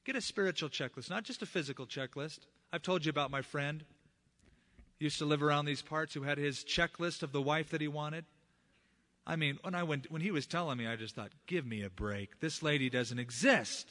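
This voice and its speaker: Male pastor, middle-aged, conversational sermon delivery, bright and slightly high. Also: brisk. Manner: conversational, animated storytelling.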